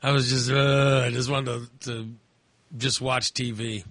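Guy hosting a casual chat, rambly, keeps restarting sentences, bright voice, dead dry sound. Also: medium pitch, little pitch movement, unhurried, no echo. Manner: rambling, hesitant, many fillers and restarts.

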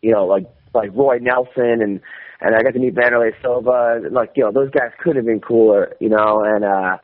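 A male comedian calling in to a radio show, telling rambling stories in a relaxed, casual way. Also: fairly low pitch, fairly quick. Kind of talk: casual call-in chat. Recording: tinny phone line.

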